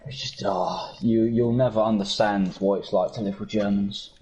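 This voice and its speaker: A man with a southern English accent chatting while gaming, blunt and opinionated, swearing in nearly every sentence. His voice sits low and husky. The audio is dull and lo-fi. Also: steady tone, moderate pace, a little mellow. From Sussex, England. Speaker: gamer in voice chat. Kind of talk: casual gaming chat.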